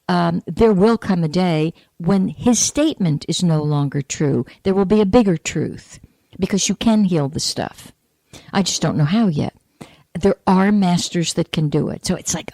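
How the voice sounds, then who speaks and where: Chatty woman, mellow dry voice. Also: lowish voice, no room sound. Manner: chatty storytelling, animated quoted asides. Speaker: radio show host. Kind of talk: spiritual talk radio monologue.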